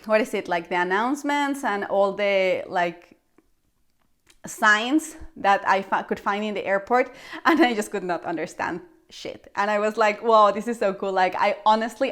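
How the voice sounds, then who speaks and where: A young woman with a Mexican Spanish accent tells a story straight to her viewers in a casual vlog. Her voice sits at a middle pitch. She talks freely with lots of fillers and jumps into animated exclamations as she acts out what she thought. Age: young adult. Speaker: vlogger.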